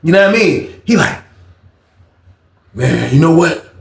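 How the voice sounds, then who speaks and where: Speaking unhurriedly in a fairly high, gravelly voice, a man who hosts a storytelling channel spins a storytime tale in a roomy-sounding space. His delivery is animated, packed with slang and swearing, and he voices every character's dialogue differently.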